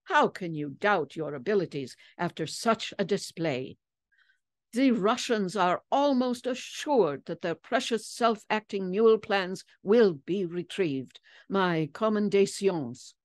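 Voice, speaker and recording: A woman voicing a burly French nobleman with a French accent, booming and theatrical. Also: lively intonation, takes it slowly, no echo. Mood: astonished. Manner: booming, exclamatory.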